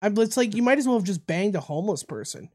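A man's voice: high-pitched, lively intonation, quick pace, darkish tone. Canadian guy rambling thru crude podcast stories, keeps cracking himself up. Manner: rambling, laughing at own jokes, crude storytelling. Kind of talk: crude comedic podcast banter.

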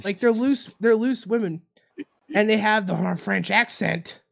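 A man's voice: high-pitched, unhurried, creaky. A man from Canada co-hosting a podcast, telling crude stories in a rambling way and laughing at his own jokes. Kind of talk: crude comedic podcast banter.

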